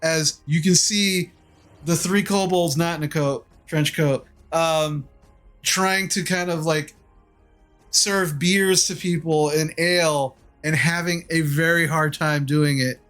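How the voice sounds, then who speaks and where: A man narrating as game master of a tabletop game, relaxed with many fillers. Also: a little high, takes it slowly, soft background music.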